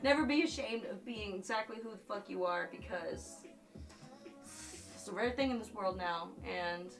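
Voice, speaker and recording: A woman's voice: mid-range voice, normal speed, music in the background. A woman live streaming and chatting casually with her viewers, talking emotionally with lots of fillers and swinging between tears and giggles.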